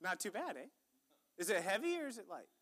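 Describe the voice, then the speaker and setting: A male pastor preaches a sermon in a church sanctuary, calling out to the congregation in a folksy, chatty manner. His voice is high-pitched and very animated, a little fast, with a fairly bright tone.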